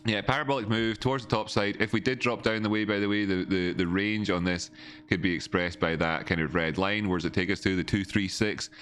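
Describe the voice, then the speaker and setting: Guy rambling over his charts on a home livestream, real low voice, keeps repeating himself. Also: steady tone, a little fast, a bit bright. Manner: rambling, repeats words, chats with viewers. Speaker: livestream market analyst. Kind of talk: casual live-stream chart analysis.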